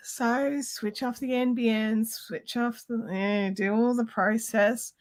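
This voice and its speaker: A woman's voice: on the high side, fairly even intonation, slow pace. A woman hosting a craft livestream from home, telling an exasperated story in casual chat and mimicking the people she quotes. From Australia.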